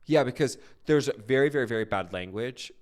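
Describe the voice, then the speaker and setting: Gushing, animated man with a smooth voice. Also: a little fast. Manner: animated, gushing, acts out quotes in high voices. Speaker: podcast co-host. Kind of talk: casual pop culture chat.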